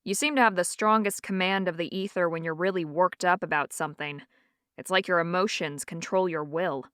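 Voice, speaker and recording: A woman narrator voicing a condescending, stern young man who hunts demons, speaking low and curt in an audiobook. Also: fairly even intonation, fairly quick, fairly bright tone, clean tone, no room sound, studio quality, lightly acted. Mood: scornful. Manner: curt, scornful.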